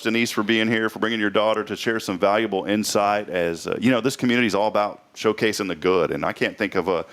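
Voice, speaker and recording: Joking low-voiced man hosting a talk show. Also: fairly bright tone. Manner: joking, rambling storyteller. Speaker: host. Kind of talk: casual chat.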